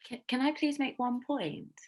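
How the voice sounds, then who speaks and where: A woman's voice: high-pitched, moderate pace, darkish tone. A woman attending an online talk as a newcomer to jewellery making, speaking earnestly with many "like"s. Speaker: attendee, new jewellery maker. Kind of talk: casual video-call chat. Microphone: video call.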